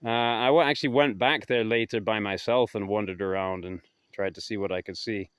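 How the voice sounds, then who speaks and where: A man telling stories in a casual vlog, rambling and hesitant, his voice trailing off softly at the ends of thoughts, recorded outdoors in woods. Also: lowish voice, steady tone, brisk, clear, resonant tone, dry recording, clean studio sound. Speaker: vlogger. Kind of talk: casual anecdotal storytelling.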